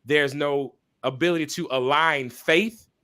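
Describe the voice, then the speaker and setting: A man's voice: on the high side, unhurried, bright, forceful tone, clean tone. Passionate man preaching in conversation. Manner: passionate, preacherly, repeats phrases for emphasis; apologetic asides to listeners. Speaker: podcast guest, minister. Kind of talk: candid conversational testimony.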